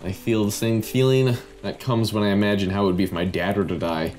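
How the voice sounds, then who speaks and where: Man voicing an anxious young female student in a game read-through; plain, earnest, lowish voice. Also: steady tone, brisk, darkish tone, faint music behind, lightly acted. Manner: reads first-person game text aloud, plain and earnest.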